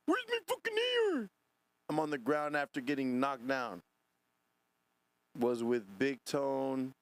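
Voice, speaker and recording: A man's voice: mid-range voice, smooth, no room sound. A man hosting a podcast, reacting to clips in casual commentary, laughing often and swearing.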